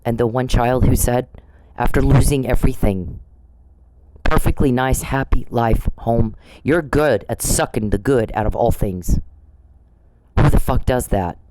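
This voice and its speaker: A man's voice: medium pitch, unhurried, noisy background. A man hosting a podcast, delivering a rambling, profane, accusatory monologue with frequent restarts. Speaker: podcast host. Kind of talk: ranting monologue.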